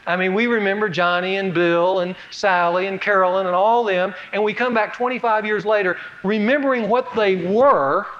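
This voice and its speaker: A male pastor preaches conversationally, posing rhetorical questions and swinging between raised and lowered emphasis. His voice is a bit bright, though the audio sounds dull.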